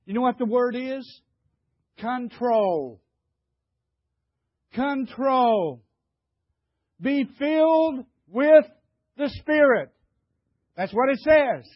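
A man's voice: extremely high pitch, no room sound, muffled recording. An older man preaching a sermon, emphatic, stammering and repeating himself as he questions the congregation. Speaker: pastor.

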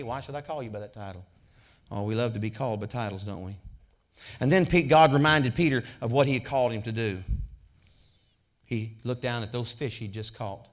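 Preaching man, loud then hushed. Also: mid-range voice. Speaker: pastor. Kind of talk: sermon.

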